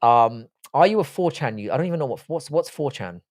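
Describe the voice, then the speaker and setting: A man's voice: mid-range voice, expressive, fast talker, no room sound, studio quality. Offhand, foul-mouthed male livestream host. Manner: profane, offhand, reading chat messages aloud and replying. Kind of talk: casual livestream chat.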